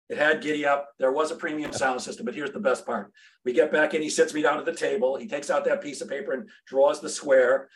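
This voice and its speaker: A man's voice: medium pitch, brisk. A middle-aged man, a sales trainer and podcast guest, telling a brash, humorous story and acting out the dialogue.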